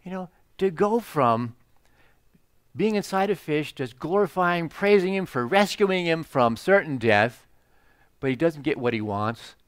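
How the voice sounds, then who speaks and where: Male pastor, folksy and jokey sermon delivery, slightly high voice, dry close sound. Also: expressive, unhurried, no room sound. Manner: joking, conversational, many "you know" asides. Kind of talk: casual storytelling sermon.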